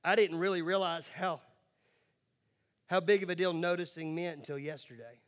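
A man in his forties, a pastor telling a story in a sermon, moving from quiet narration to loud, fervent urging. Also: on the high side, moderate pace, big-room sound. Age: 40s. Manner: builds from quiet storytelling to loud, impassioned exhortation.

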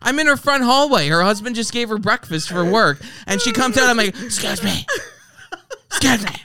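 A man's voice: very high voice, lively intonation, brisk, crowd noise. A man hosting a podcast, chatting casually and telling stories, acting out the people he quotes and swearing freely. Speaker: podcast host. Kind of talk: casual chat.

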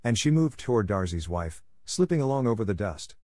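A man narrating a classic story in a steady, clear reading for English learners. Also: fairly low pitch, fairly quick, no room sound, clean studio sound. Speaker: audiobook narrator.

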